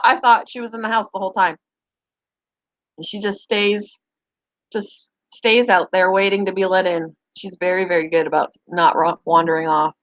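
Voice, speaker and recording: A woman's voice: mid-range voice, no echo, rough recording. A middle-aged woman chatting casually to her viewers about her pets, now and then cooing at her dog. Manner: chatty, talks to her dog in a sing-song voice. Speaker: pet vlogger. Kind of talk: casual chat to camera.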